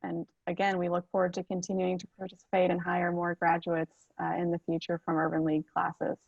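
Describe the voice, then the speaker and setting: A woman's voice: fairly low pitch, completely flat delivery, fairly quick, gravelly, dry recording, dull audio. Hesitant woman with a dry sound. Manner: hesitant, many filler words. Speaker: company representative. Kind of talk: announcement at online graduation. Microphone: video call.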